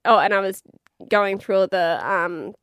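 A woman's voice: medium pitch, a little slow, a bit bright, smooth, dry recording, clean studio sound. Frank, swearing Australian woman telling a story. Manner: frank and chatty, swears freely, laughs often. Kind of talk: candid personal storytelling.

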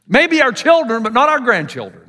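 Southern pastor guy preaching, voice jumps all over, pretty high for a man, acts out the quotes. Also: fairly quick, noisy background. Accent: American Southern. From Southern United States. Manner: animated storytelling, voicing quoted people. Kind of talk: sermon.

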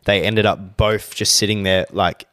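A man's voice: fairly low pitch, steady tone, normal speed, fairly bright tone. A young man, co-hosting a podcast, giving blunt, laid-back opinions and swearing often. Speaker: podcast co-host. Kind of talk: casual chat.

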